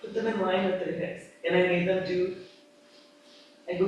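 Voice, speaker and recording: Yoga trainer, female, casual and animated, heavy room echo, faint background hum. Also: lowish voice, fairly quick, pauses often. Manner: casual, lively, acts out cues, laughs often. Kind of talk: live teacher-training class talk. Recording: echoey room, mic far off.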